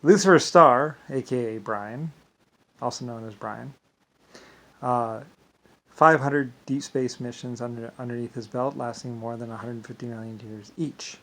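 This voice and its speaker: A man's voice: medium pitch, measured pace, fairly bright tone. A man talking alone to camera in a rambling vlog monologue, drifting between thoughts and leaning on filler phrases. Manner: meandering, repeats "like I said" and "blah, blah". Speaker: vlogger.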